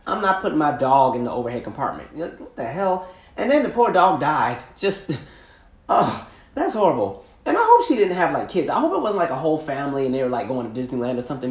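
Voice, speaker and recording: A man hosting a podcast, telling casual stories in a slangy, animated way and laughing often. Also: medium pitch, roomy sound. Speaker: podcast host. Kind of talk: casual storytelling monologue.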